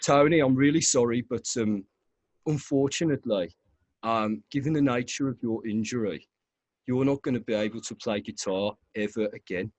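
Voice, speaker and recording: A man voicing a resigned, low-key doctor with a Birmingham accent. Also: normal speed, darkish tone, no echo, lightly acted. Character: weary Brummie doctor, resigned.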